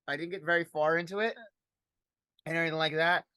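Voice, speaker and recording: A man's voice: on the high side, steady tone, fast talker, bright, forceful tone, smooth, no echo. A man with a Brooklyn accent hosting a casual podcast chat, rambling and repeating himself. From Brooklyn, New York. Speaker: podcast host.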